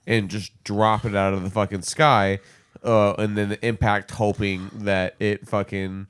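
A man's voice: on the low side, level tone, measured pace, smooth. A man co-hosting a comedy podcast, talking in loose, profane banter that is often broken up by laughter. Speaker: podcast co-host. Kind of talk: casual comedic chat.

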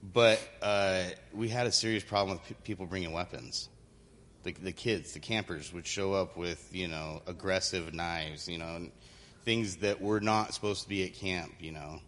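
A man telling a funny camp story to a congregation, animated and laughing often as he acts out quotes on a handheld microphone. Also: sits low, normal speed, a little hiss or hum. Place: church hall. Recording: reverberant hall with faint ambience.

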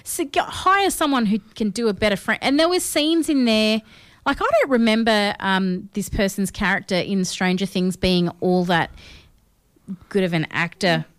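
A woman's voice: medium pitch, normal speed, smooth, no echo. An Australian woman co-hosting a film review show, talking casually and with strong opinions, using lots of fillers. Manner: chatty, opinionated, with frequent fillers. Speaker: film review podcast co-host.

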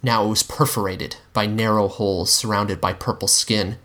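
A man giving a measured, dramatic reading of a dark fan fiction story. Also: on the low side, steady tone. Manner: measured, dramatic narration with acted dialogue. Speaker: story reader.

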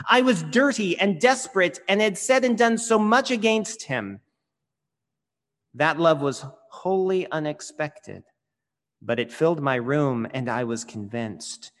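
A man's voice: sits high, expressive, a little slow, a bit bright. A man preaching a sermon as pastor, earnest and building to emphatic peaks. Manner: earnest, swelling with emphasis on key phrases. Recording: long reverb of a large hall.

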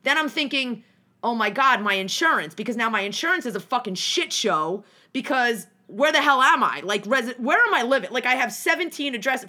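Young woman, bright voice, fairly high, animated storytelling, profane, rambling restarts, casual chat. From New Jersey.

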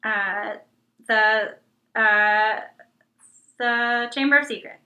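A woman co-hosting a casual podcast chat, reacting playfully and warmly to her co-host. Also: a little high, drawn-out words, roomy sound, low-quality recording.

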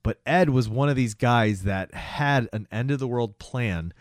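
Male podcast host, lively storyteller, dry close sound, mid-pitched voice. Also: unhurried, dry recording. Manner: animated storyteller who acts out scenes. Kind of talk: casual chat recapping a movie.

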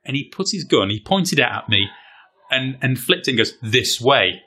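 A British man, a guest, telling a funny anecdote in a casual chat. He is an animated, self-deprecating storyteller who uses British slang. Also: medium pitch, a little fast, breathy edge. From Britain. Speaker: guest, fencer.

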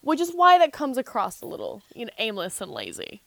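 A woman's voice: fairly high pitch, huge pitch swings, fairly quick, vocal fry, a bit bright, dry recording. A woman in casual conversation, mostly giving short agreeing responses. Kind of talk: casual chat.

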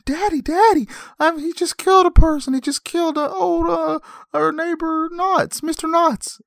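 A man voicing a frightened young boy who pleads with his father in a high, squeaky, childish voice. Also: fairly even intonation, normal speed, gravelly, a bit bright, dry recording, studio quality, heavily acted. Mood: pleading.

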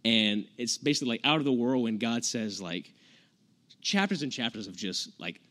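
A man's voice: mid-range voice, expressive, normal speed, fairly bright tone. Earnest casual-talking male preacher. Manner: conversational, earnest, retells scripture in everyday words. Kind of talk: informal sermon.

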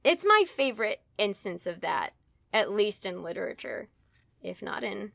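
A woman in casual conversation, retelling a story in an animated way with playful asides. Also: mid-range voice, normal speed, vocal fry, dry recording. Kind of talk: casual literary discussion.

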